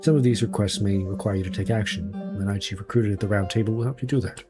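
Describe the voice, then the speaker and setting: A man's voice: fairly low pitch, steady tone, fast talker, loud music behind the voice, voice pushed down, close to an everyday voice. A man voicing a genial older royal advisor, speaking formally and courteously.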